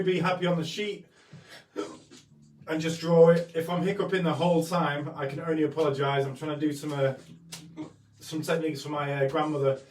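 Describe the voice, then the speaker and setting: With a slightly high, slightly mellow voice, a man hosts a casual live painting demonstration, chatting in an apologetic way and poking fun at himself. The recording comes from a far-off mic in an echoey room, with faint music in the background.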